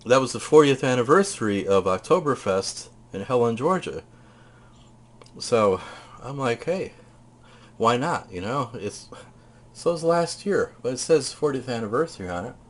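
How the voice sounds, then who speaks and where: A man's voice: medium pitch, animated, moderate pace. A man casually showing off his purchases, talking in a chatty, rambling way. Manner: chatty, rambling, tells stories; eats while talking.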